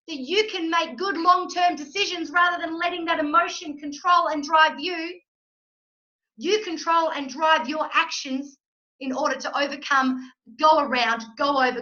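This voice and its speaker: High, bright-voiced woman coaching with punchy emphasis. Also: lo-fi sound. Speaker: mindset coach. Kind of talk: motivational masterclass talk.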